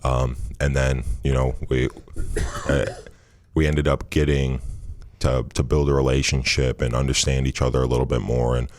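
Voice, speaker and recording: Very deep-voiced man telling a story. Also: moderate pace. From Michigan, USA. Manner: relaxed, rambling, frequent fillers and restarts. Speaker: interview guest, former basketball player. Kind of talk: casual storytelling interview.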